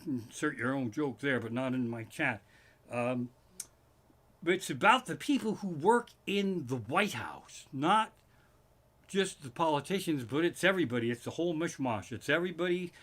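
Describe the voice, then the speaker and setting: A man's voice: on the high side, animated, moderate pace, fairly bright tone. A man doing a rambling, profane comedy monologue on a live stream from his living room. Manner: rambling, swearing, restarts and asides. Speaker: stand-up comic streaming live. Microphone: live stream microphone.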